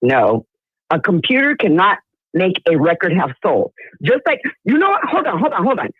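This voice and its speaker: A woman's voice: on the low side, wildly swooping pitch, normal speed, husky, no room sound. A woman calling in to argue with the host. She is insistent and keeps cutting in to make her point. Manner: argumentative, insistent, cuts in. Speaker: caller. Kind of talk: heated phone-in debate. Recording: tinny phone line.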